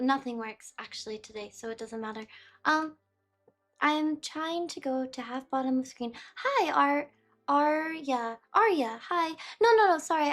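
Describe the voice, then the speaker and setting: This livestreamer, a woman with a high voice, is chatty and easily distracted, reading viewers' chat out loud and frequently losing her thread. Faint soft music plays behind her in a warm indoor space.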